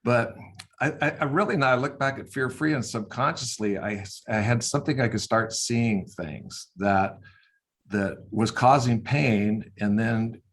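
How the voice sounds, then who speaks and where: An older man, a veterinarian, telling casual stories with lively sound effects. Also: medium pitch, a little slow. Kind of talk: casual storytelling.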